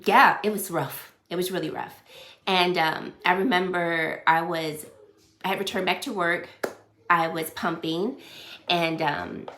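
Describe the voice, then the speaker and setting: A woman in her thirties, a beauty vlogger talking casually to camera, emotional and teary, halting with many fillers. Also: fairly low pitch, a bit bright, reverberant. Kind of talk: casual get-ready-with-me chat.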